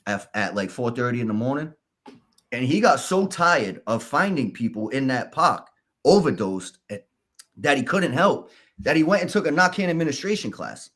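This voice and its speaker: A man's voice: medium pitch, big pitch swings, fairly bright tone. Candid man telling his story. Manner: candid, halting, restarts and fillers. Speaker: podcast guest. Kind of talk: casual storytelling.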